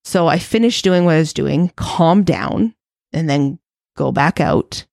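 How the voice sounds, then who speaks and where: Low, gravelly-voiced woman podcast host. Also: lively intonation, a little slow, darkish tone, dry recording, studio quality. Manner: candid, reflective, self-searching. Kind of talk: personal storytelling monologue.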